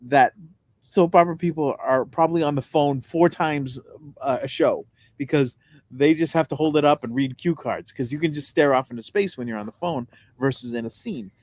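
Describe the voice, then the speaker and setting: A man co-hosting a casual comedy podcast, teasing dryly and pausing on ums. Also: on the high side, a little mellow, dry recording. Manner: dry teasing, hesitant with ums. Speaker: podcast co-host.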